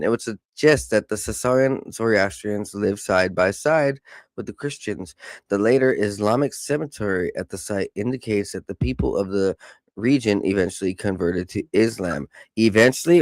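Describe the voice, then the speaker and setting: A man hosting a podcast, reading news articles aloud with casual joking asides, stumbling over hard words, and saying he is high. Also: moderate pace, no room sound. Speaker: podcast host.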